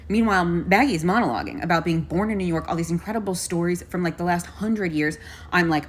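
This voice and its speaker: A young woman telling a story in casual, profane speech, switching to high put-on voices for the people she quotes. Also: brisk.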